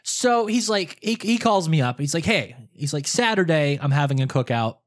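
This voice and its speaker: A man's voice: fairly high pitch, lively intonation, normal speed. A young adult man telling a story in casual podcast chat, swearing often and laughing through it.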